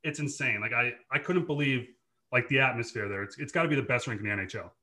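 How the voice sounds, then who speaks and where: Bright-voiced Boston man, laid-back. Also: medium pitch, fast talker. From Dorchester, Massachusetts. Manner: laid-back, laughs often, swears freely. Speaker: podcast guest, former hockey player. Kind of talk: casual chat.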